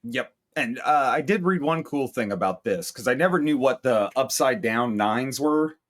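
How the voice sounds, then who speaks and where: A man's voice: mid-range voice, animated, normal speed, fairly bright tone. A man from the United States co-hosting a movie-review podcast, riffing in crude, sarcastic casual chat.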